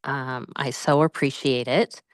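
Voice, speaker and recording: A woman's voice: extremely low pitch, fairly even intonation, measured pace, clean tone, dry recording. A woman guest on an interview show, speaking in a heartfelt way with frequent ums. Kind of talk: casual interview talk.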